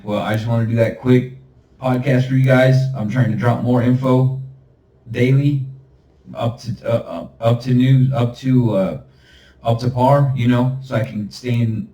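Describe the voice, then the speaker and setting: A man's voice: mid-range voice, fairly even intonation, a little slow, mellow. A man hosting a solo podcast monologue. He talks in a rambling, emphatic, preachy way and chuckles now and then. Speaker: podcast host. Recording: roomy, far from the mic.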